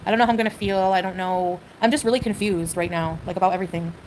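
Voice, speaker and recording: A woman's voice: on the low side, steady tone, very fast, a little mellow, slight background noise, poor audio. Hesitant rambling woman on a livestream. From Canada. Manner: hesitant, rambling, full of "like" and "you know".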